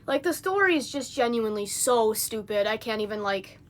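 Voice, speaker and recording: A woman's voice: a little high, animated, a little fast, a little hiss or hum. A young woman on a phone livestream, venting in an indignant, rambling rant full of fillers. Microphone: phone mic.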